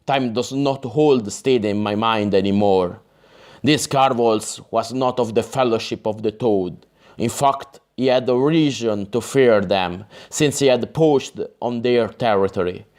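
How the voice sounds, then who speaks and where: A man reading an audiobook, voicing a gruff, bitter male berserker warrior with a low, growling delivery. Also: a little slow, a little mellow, close to an everyday voice. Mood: grim, growling.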